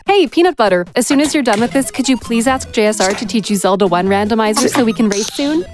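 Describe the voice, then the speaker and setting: A woman's voice: on the high side, lively intonation, fast talker, over music. A woman hosting a charity event stage and reading out donations in an upbeat way. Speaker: host.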